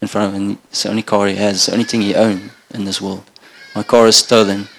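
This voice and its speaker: Gravelly, even-toned male preacher from Namibia. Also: on the low side, quick pace, a little hiss or hum. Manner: earnest, conversational preaching with restarts. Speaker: pastor. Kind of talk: sermon.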